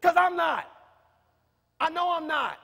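A man, preaching a sermon in a church, who repeats himself and rises to shouts. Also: very high-pitched, unhurried. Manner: preaching, rising to shouts, talkative, repetitive. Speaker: minister. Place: church sanctuary. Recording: reverberant church hall.

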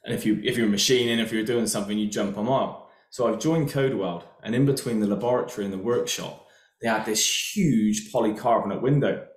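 A man's voice: on the low side, fairly quick, roomy sound. A man, a welding inspector, telling casual, self-mocking work anecdotes as a podcast guest. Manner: chatty anecdotes, laughs at himself. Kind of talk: casual storytelling.

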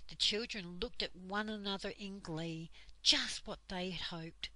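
An older woman reading a children's book aloud as a storyteller, gentle and unhurried. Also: medium pitch, no echo, poor audio.

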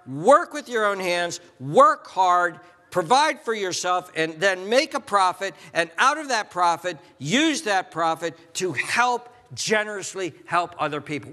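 A man preaching a sermon as pastor, emphatic, slowing down for scripture and swinging between low asides and high exclaims. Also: very animated, pushed and bright. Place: church sanctuary. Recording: long hall reverb.

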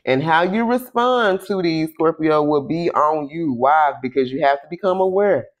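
A man with a fairly high voice gives a relaxed, chatty tarot reading at home. He swears now and then and drops "okay?" after nearly every line. He slows right down to stretch out his repeated questions to Spirit as he shuffles the cards. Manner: chatty, tags lines with "okay?" and "y'all"; salty, swears casually. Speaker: tarot reader. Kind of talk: casual tarot reading to camera.

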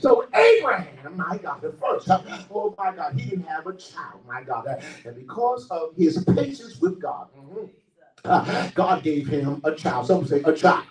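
Animated preacher in an echoey church. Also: male voice, a little high, measured pace. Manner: call-and-response preaching, rising into shouts; many filler "uh" and "my God" interjections. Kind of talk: sermon. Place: church sanctuary. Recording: echoey room, mic at a distance.

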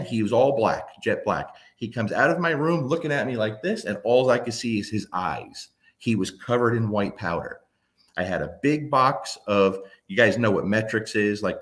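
Low-voiced man telling dog stories. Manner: animated, acts out his dogs and friends in quick asides; blunt, swears casually. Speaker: dog trainer. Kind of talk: casual storytelling talk.

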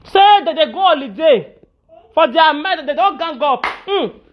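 A woman's voice: sits high, animated, moderate pace, highs cut off. A woman with a Nigerian accent giving an emotional monologue to camera, pleading and ranting, slipping into chanted lines in a local language. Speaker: social media personality.

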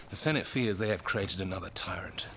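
An actor playing a shrewd statesman who briskly gives orders in a period drama. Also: deep voice, animated, bright, forceful tone, exaggerated voice. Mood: commanding.

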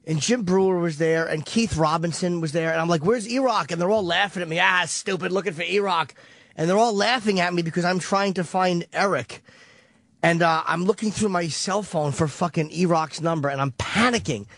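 High-voiced man telling a profane story. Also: brisk, no room sound. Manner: profane, rambling, vivid retelling. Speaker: radio show regular. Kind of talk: casual radio storytelling.

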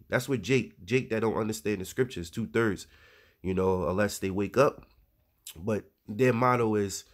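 A man with a low voice teaching scripture in a loose, conversational way. He reads verses aloud, then breaks off into casual asides, as if talking to a friend. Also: normal speed. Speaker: religious teacher.

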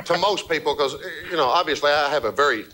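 A man's voice: a little high, quick pace, crowd noise, low-quality recording. A man from Georgia with a thick Southern accent, chatting as a guest comedian, self-deprecating and joking, laughing often. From Columbus, Georgia, US. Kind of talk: casual interview chat.

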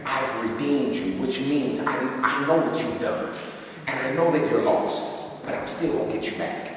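A man's voice: normal speed, slight background noise. Male pastor, sermon delivery, heard from a distance in a reverberant sanctuary. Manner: preaching that swings from low and conversational to high shouting. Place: church sanctuary. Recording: echoey hall, distant mic.

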